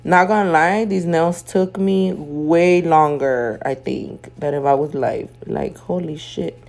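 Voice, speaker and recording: Sleepy low-voiced woman, gravelly and profane. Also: takes it slowly, a little mellow. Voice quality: throat feels off, clears throat. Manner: chatty, profane, slangy storytelling. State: sleepy, just woken up. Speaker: nail artist and video host. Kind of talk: casual voiceover chat. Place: at home doing her makeup.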